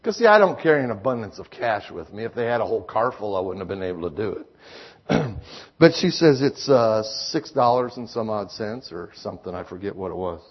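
Husky folksy preacher man. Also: lowish voice, expressive, a little fast. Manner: folksy storytelling preacher, emphatic rises. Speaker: pastor. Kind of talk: sermon with personal stories. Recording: slightly dull lo-fi sound.

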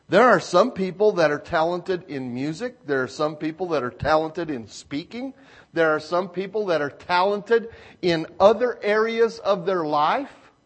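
Male pastor, high voice, sermon with storytelling and acted-out asides, frequent throat clearing. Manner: storytelling, acts out quotes, clears throat often. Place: church stage.

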